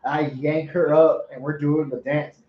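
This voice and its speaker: Animated, laughing man telling a story. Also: fairly high pitch, a little slow. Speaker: podcast host. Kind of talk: casual chat. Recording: roomy, muffled sound.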